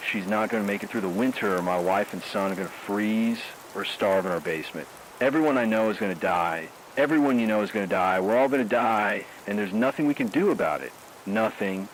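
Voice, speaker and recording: A man's voice: medium pitch, slight background noise, close to an everyday voice, rough recording. A man playing a frightened radio DJ who talks in a grim, shaken and despairing way during a radio drama. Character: male radio host, scared and grief-stricken.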